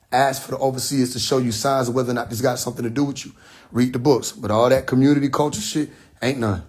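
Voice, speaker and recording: A man's voice: medium pitch, a little mellow, slightly rough. A man ranting in a vlog, agitated and profane, repeating his points. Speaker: rapper and online commentator. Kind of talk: emotional vlog rant.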